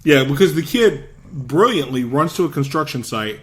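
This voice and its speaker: A man's voice: a little high, animated, moderate pace. A man co-hosting a podcast, animatedly recapping a movie and acting out its scenes in big voices. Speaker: podcast co-host. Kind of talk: casual movie recap chat.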